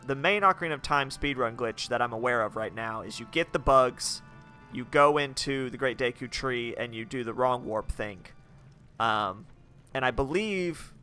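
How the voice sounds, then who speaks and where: Young man, gaming commentary, bright forceful voice, rambly, faint game music. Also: mid-range voice. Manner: rambling, many "like"s and restarts. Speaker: game streamer. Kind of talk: casual let's-play commentary.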